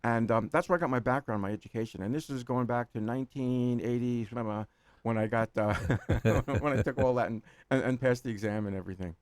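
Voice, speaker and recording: Fast-talking New York man in his sixties. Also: mid-range voice, no echo. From New York City. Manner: rambling, laughs often, repeats words. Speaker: guest. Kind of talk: casual chat.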